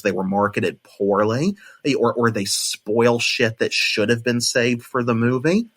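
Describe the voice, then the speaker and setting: A young man hosting a solo podcast, thinking out loud and often restarting with repeated words. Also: fairly low pitch. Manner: analytical, thoughtful, repeats words when restarting. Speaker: podcast host.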